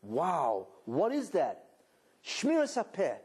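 A man giving a sermon as a rabbi, telling a story with animated delivery and many rhetorical questions. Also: fairly high pitch, moderate pace, breathy edge. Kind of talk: sermon to a live audience.

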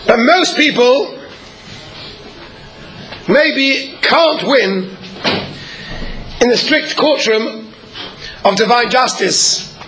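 A man, apparently a rabbi, giving an earnest sermon at a measured pace, pausing often and sometimes clearing his throat. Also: very high voice, bright, forceful tone, low-quality recording.

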